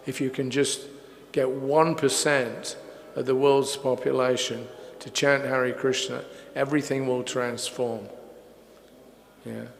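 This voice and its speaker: An older man gives an unhurried religious talk in a gravelly voice that keeps to a flat, narrow range. He fills his sentences with pauses and "uh"s. The recording comes from a big, echoey hall with long reverb and faint noise. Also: medium pitch. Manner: unhurried storytelling with many fillers. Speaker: speaker at a religious festival. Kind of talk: lecture with audience questions.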